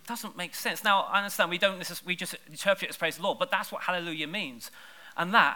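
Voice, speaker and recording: A man preaching a sermon in church, lively and conversational, pushing hard on key words. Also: high voice, quick pace. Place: church service.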